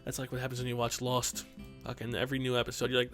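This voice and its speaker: A man's voice: medium pitch, completely flat delivery, fast, a bit bright, faint music behind. A tired young man reading a visual novel aloud and adding profane, joking commentary. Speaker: gaming host.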